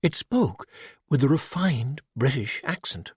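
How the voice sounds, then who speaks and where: Man, audiobook narration, husky, slow, expressive. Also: fairly low pitch, no echo, studio quality. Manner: measured, expressive storytelling.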